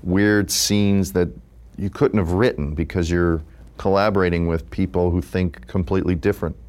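A man's voice: low-pitched, moderate pace. A man in his fifties, an improv comedian, talking casually in an interview with lots of "like" fillers. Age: 50s. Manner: relaxed, rambling with many "like" fillers.

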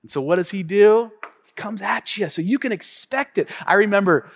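A man preaching a sermon as a pastor, telling a story with animated energy and calling out to his congregation. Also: high voice, normal speed. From Tacoma, Washington. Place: church sanctuary. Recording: long reverb of a church hall.

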